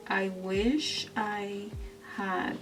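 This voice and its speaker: Coloring at her desk indoors, a woman who has lived in the Netherlands since age thirteen talks quietly to a camera mounted overhead at some distance, rambling, laughing a lot and making fun of herself. She speaks very slowly at medium pitch with fairly even intonation, and soft background music is picked up along with her voice.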